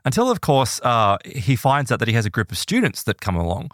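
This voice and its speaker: A man hosting a podcast, retelling a story in a casual, animated way, full of "like" and "right?". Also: mid-range voice, fairly quick, no echo, clean studio sound. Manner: animated, filler-heavy retelling with many "like"s and "right?"s.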